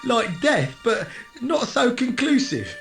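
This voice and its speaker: A daft, giggly male patient in a game, his voice high and swooping, dragging out every word between little laughs. The voice rings in a roomy echo over faint game music. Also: very animated, slow, creaky, a bit bright, heavily acted. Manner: giggles constantly, drawls oddly. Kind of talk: video game voice acting.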